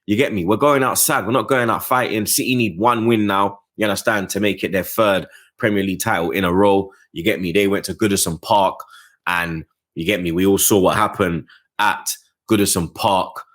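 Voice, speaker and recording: A man's voice: steady tone, moderate pace. A man giving a casual football match review, full of slang and constant asides to the listener, his voice jumping up on the points he cares about. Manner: slangy, keeps adding "blood, you get me"; passionate, rising pitch on key points. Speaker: football fan channel host.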